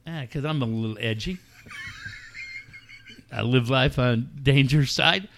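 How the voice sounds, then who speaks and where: A man's voice: mid-range voice, wildly swooping pitch, slow pace, a bit bright, a little hiss or hum. A middle-aged man hosting a radio show, telling a story casually and acting out phone calls in quoted voices.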